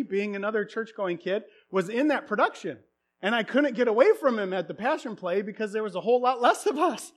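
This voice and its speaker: A man preaching a sermon through a self-deprecating personal story, casual and full of fillers. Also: high-pitched.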